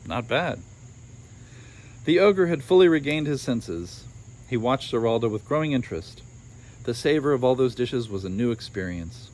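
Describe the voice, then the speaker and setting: A man's voice: mid-range voice, expressive, normal speed, darkish tone. A man reading a children's story aloud, adding wry asides of his own.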